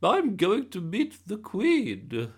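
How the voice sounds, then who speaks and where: A man voicing an excited, giggly old grandmother in a high squealing voice, reading a children's story aloud. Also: takes it slowly, breathy edge, heavily acted. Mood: thrilled.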